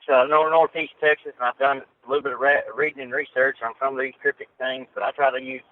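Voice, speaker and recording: A man's voice: medium pitch, steady tone, quick pace. Blunt man over a tinny phone line. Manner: blunt, scoffing dismissals. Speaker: guest researcher. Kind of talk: casual interview chat.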